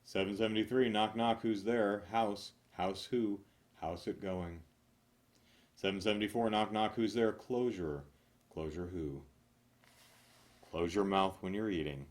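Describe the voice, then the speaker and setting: A man reading knock-knock jokes one after another, loud on the punchlines and mumbling his asides. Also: on the low side, fairly even intonation, measured pace. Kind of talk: rapid-fire joke reading.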